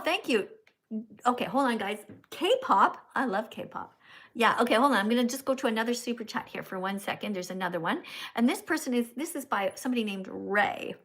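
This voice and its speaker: A woman with a slightly high, somewhat bright voice hosts a live stream. She chats casually but also lectures her viewers in a scolding, preachy way, often tacking "okay?" onto the ends of her lines.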